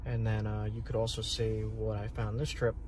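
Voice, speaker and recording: A man's voice: fairly low pitch, monotone, moderate pace. A man from Long Island, a bushcraft vlogger, talking casually to the camera in the woods by a creek. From Long Island, New York. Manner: chatty, talks to camera while searching rocks. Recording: noisy outdoor ambience.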